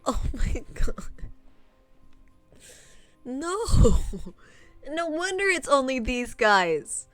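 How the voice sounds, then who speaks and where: A woman's voice: high-pitched, big pitch swings, extremely slow, long pauses, a bit bright, soft background music. A woman streaming a visual novel, talking casually and sarcastically at the characters, laughing in disbelief. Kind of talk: casual gameplay commentary.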